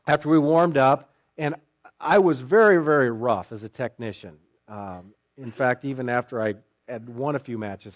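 A man preaching in a church sanctuary, telling a personal story and then building to forceful, emphatic points. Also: on the high side. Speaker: pastor.

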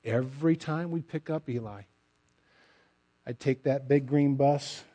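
A middle-aged man preaching a sermon, emphatic and direct, often letting his phrases trail off softly. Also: medium pitch, measured pace. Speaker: pastor.

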